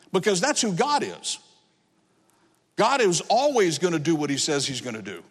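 Male pastor, high voice, emphatic sermon delivery, reverberant hall. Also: sing-song, moderate pace. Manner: earnest, emphatic, repeats phrases.

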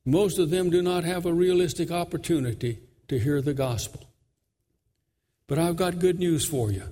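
Husky fervent preacher in a hall. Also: male voice, on the high side, moderate pace, dark tone. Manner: fervent storytelling, with repeated phrases. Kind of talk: sermon.

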